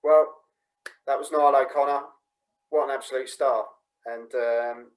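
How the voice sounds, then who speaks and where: A man hosts a relaxed interview at an ordinary mid pitch. He keeps things matey and encouraging, with plenty of fillers. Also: moderate pace, low-quality recording. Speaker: host. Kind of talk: casual interview chat.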